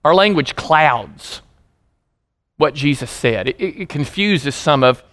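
A male pastor preaching a sermon, teaching scripture with animated emphasis and acted-out quotes. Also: fairly high pitch, slow.

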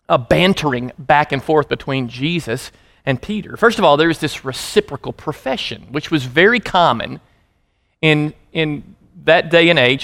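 A male pastor preaching a sermon, teaching scripture with animated emphasis and acted-out quotes. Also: on the high side.

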